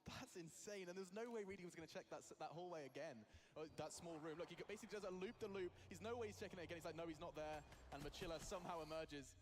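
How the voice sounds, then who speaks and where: A man casting a video game match, with excitable play-by-play commentary that rises to shouts on big plays. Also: a little high, very fast, hardly any pauses. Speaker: esports caster. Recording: broadcast with loud background noise.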